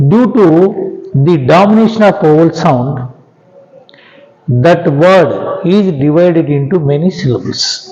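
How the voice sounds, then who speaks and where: A man with an Indian English accent teaches children in a slow, patient lesson, repeating each example word aloud. His voice sits fairly high for a man, and the recording sounds dull and lo-fi. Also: expressive, a little mellow.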